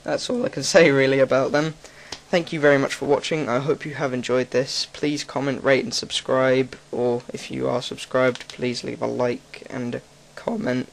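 A man's voice: medium pitch, steady tone, moderate pace, gravelly, hardly any pauses, slight background noise. A young man with an English accent, talking frankly and rambling as a gaming commentator. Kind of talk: casual gaming commentary monologue.

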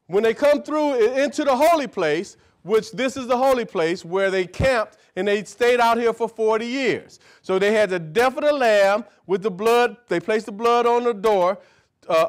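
High-voiced folksy male preacher. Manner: folksy, keeps asking "see?" and "right?" of the listeners; repeats key words in rhythmic runs. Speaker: preacher teaching scripture. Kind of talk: live sermon teaching.

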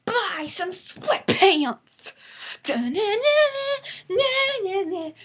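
A woman putting on the voice of an overexcited, pushy sweatpants saleswoman, with a high, loud, sing-song sales pitch in a home webcam video. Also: unhurried. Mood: hyped.

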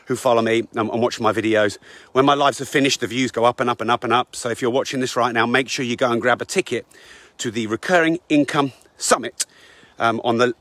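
Slightly breathless man pitching his event. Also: a bit bright, no room sound. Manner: eager sales pitch, many fillers. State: out of breath from walking. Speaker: business coach promoting his event. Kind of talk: live-streamed casual talk. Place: walking while streaming.

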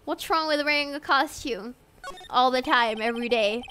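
A woman's voice: high voice, moderate pace, pushed and bright, smooth. A young woman streaming a game, chatting in a bubbly, giggly way with her viewers. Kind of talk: casual live-stream chat while gaming.

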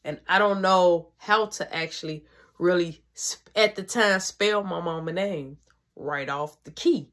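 A woman's voice: fairly low pitch, a little slow, a bit bright. A woman telling a personal story in casual, slangy, profane speech.

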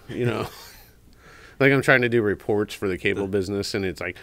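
A man's voice: lowish voice, brisk, gravelly, fairly bright tone, no echo. A man co-hosting a casual podcast from a shop, telling rambling stories with many fillers. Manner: rambling storyteller, mimics a parrot's squawk. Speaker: podcast co-host. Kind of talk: casual chat. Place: cigar shop.

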